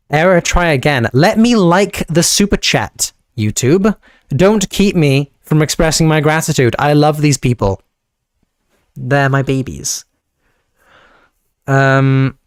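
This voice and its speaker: A man's voice: mid-range voice, expressive, a little slow, smooth, dry recording, clean studio sound. A young man streaming live, rambling casually to his chat, often breaking off mid-sentence and fondly thanking viewers, speaking into a handheld mic he holds awkwardly. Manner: rambling, self-interrupting, affectionate to chat. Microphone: handheld mic, held awkwardly.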